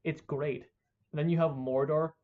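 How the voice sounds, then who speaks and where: A man's voice: on the high side, steady tone, normal speed. A man hosting a gaming channel, talking in a casual, enthusiastic monologue that rambles, swears and is full of restarts. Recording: dull lo-fi recording.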